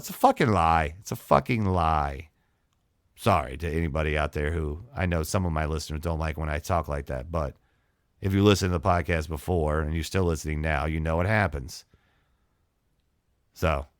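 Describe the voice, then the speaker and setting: A man's voice: low-pitched, no echo, clean studio sound. A man hosting his own podcast, delivering an impassioned solo monologue full of repeated questions and swearing. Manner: impassioned, repetitive, swearing rant. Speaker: podcast host.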